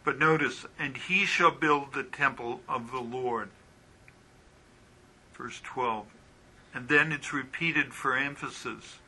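Slow, bright-voiced male Bible teacher. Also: medium pitch, husky, rough recording. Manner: halting with frequent ums, asks rhetorical questions.

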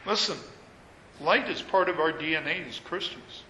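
A man delivers a sermon in a high, bright voice, reading old scripture wording and swelling into emphatic peaks. His words carry into a roomy hall with a long trailing reverb. Faint room ambience sits underneath. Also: normal speed, slight background noise. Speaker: preacher.

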